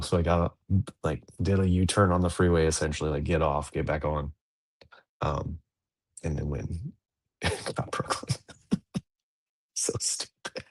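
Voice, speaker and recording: A man's voice: extremely low pitch, little pitch movement, unhurried, long pauses. A middle-aged man hosting a casual dad podcast, rambling and self-mocking as he tells stories about his day. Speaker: podcast host. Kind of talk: casual chat.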